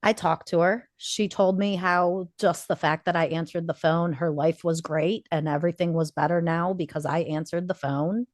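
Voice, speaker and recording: A woman's voice: lowish voice, steady tone, normal speed, few pauses, no room sound. Woman podcast co-host, forties, earnest storyteller, dry close sound. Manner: earnest storytelling, acts out quoted dialogue. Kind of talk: casual podcast conversation.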